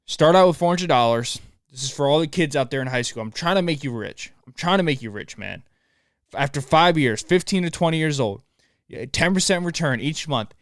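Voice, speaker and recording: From a home room where a dog barks nearby, a young man hosts a solo podcast and delivers a profane, energized motivational rant. His voice is on the high side. The sound is clean studio audio with no echo.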